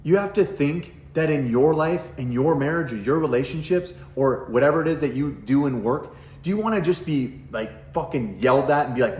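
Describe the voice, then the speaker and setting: A man's voice: on the high side, lively intonation, a little fast, few pauses, darkish tone, reverberant. A middle-aged man, a parenting coach, talking bluntly to camera at home with lots of swearing and rhetorical questions. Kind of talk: casual direct-to-camera talk. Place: at home, kitchen nearby.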